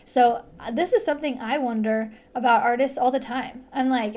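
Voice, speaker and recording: A young adult woman hosts a casual solo podcast, speaking close to a studio microphone. Her high, slightly mellow voice moves at normal speed with hardly any pauses, and she rambles chattily with frequent giggles, fillers and restarts.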